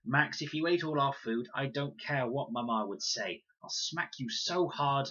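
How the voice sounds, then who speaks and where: A man's voice: mid-range voice, unhurried, bright, forceful tone, highs cut off, pitched above the performer's own voice. A man voicing a fierce, protective girl who bosses her little brother around in a stern, commanding voice. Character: fierce protective older girl, bossy sister.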